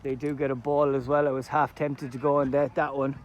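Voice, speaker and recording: Aussie bloke calling a local footy game outdoors, chatty play-by-play, bit of traffic noise behind him. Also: male voice, medium pitch, little pitch movement, a little fast, dull audio. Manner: chatty play-by-play, erupts loudly at goals and chances. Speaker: amateur football commentator. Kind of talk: live match commentary. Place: outdoors at a sports ground.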